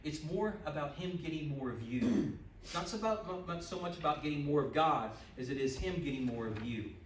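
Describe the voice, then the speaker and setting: A man preaching a sermon as a pastor, lively and building to loud exclamations. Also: a little high, fairly quick, a little hiss or hum. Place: church sanctuary. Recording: echoey church, mic from a distance.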